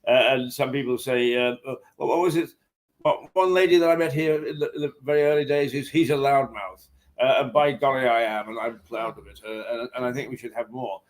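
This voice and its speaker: A man's voice: mid-range voice, steady tone, brisk. A man hosting a casual interview, hesitant, with many fillers and restarts. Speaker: host. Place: hotel.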